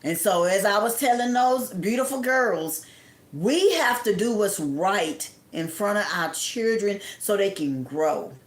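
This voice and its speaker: A woman talks to her live-stream viewers in a loose, chatty way, greeting them by name and sharing advice. Her voice sits at a middle pitch and rings a little in an echoey room. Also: expressive, measured pace. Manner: chatty, reads viewer comments aloud, preachy advice. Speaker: livestream host. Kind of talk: casual live-stream talk.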